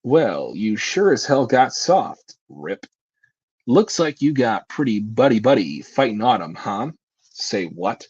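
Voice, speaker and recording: A man voicing a gruff, menacing male villain with low, growling taunts. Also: big pitch swings, takes it slowly, darkish tone, no echo, muffled recording, exaggerated voice.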